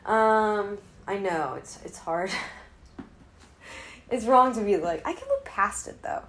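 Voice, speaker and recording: A woman chatting casually to camera at home, rambling and swearing, swinging from hushed whispers to loud outbursts. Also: medium pitch, animated, takes it slowly, a little hiss or hum. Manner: rambling, profane, drops to whispers then gets loud. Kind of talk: casual vlog chat.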